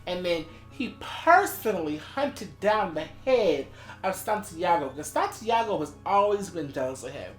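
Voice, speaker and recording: Low-voiced woman in an echoey room. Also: measured pace. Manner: animated storyteller acting out quotes. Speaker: podcast co-host. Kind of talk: casual chat, retelling scenes. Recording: echoey room with faint music.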